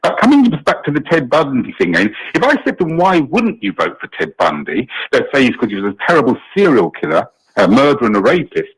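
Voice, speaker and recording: A man calling in to a talk radio show, arguing in an animated, impassioned way. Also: medium pitch, fast talker, hardly any pauses, slightly rough, poor audio. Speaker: caller. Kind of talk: call-in talk radio chat.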